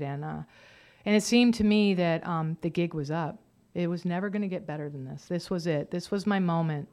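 A woman's voice: on the low side, a little mellow. Woman sharing her sobriety story. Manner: candid storytelling, acts out quoted relatives. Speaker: recovery speaker. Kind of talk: personal testimony talk.

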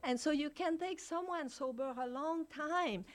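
A woman's voice: high voice, unhurried. An older woman speaking frankly at a recovery meeting, blunt and laughing often as she shares.

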